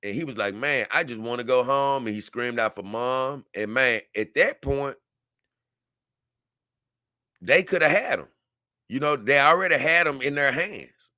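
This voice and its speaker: A man's voice: mid-range voice, unhurried, pauses often, bright, forceful tone, no echo, clean studio sound. A man, talking casually to camera and telling a story earnestly, rambling with many restarts. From Memphis, Tennessee. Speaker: vlogger.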